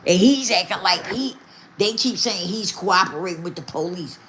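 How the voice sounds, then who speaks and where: A woman's voice: on the low side, expressive, normal speed, a bit bright, slight background noise. An older woman talking casually to her viewers, emphatic and repetitive. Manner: emphatic, repeats herself, talks straight to viewers. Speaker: vlogger.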